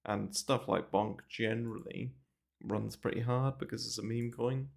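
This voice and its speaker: A mid-range voice with vocal fry, steady tone and normal speed belongs to a crypto trading streamer giving casual market commentary. He rambles with many fillers and casual swearing, speaking into a desk mic set close to his mouth in a small, bare room.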